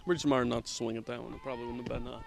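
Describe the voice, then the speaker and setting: Man, local access softball commentary, outdoors, camera mic, jokey and self-deprecating, drops to a hushed golf-announcer voice now and then. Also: mid-range voice, flat delivery, rapid-fire, vocal fry, a little hiss or hum. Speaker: amateur sports commentator. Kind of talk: casual softball play-by-play commentary. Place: outdoors at a softball field in light rain.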